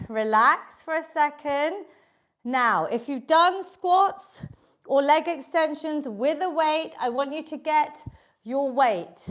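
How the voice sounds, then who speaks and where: A woman's voice: sits high, animated, slow, fairly bright tone. A British woman leading a live online exercise class, upbeat and encouraging, counting down reps and a little out of breath. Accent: British English. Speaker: fitness instructor. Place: home workout room.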